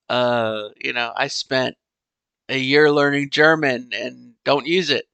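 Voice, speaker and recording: A middle-aged man hosting a podcast alone, musing in a halting, rambling way with many "you know"s and restarts. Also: mid-range voice, fairly even intonation, gravelly, bright, forceful tone, clean tone, no room sound. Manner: wistful, resigned musing. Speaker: podcast host. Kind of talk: casual solo monologue.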